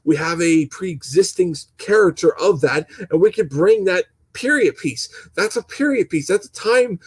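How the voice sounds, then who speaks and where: Young male channel host, somewhat high voice, rambling heated opinion vlog, stutters and swears. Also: darkish tone, breathy edge, rough recording. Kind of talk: casual opinion rant.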